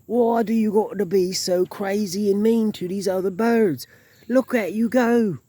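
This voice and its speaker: A man's voice: sits high, steady tone, unhurried, dark tone, no room sound, pitched above the performer's own voice. A man putting on an exaggerated wildlife show host voice, drawn out and announcing. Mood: hammy. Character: over-the-top male wildlife show host.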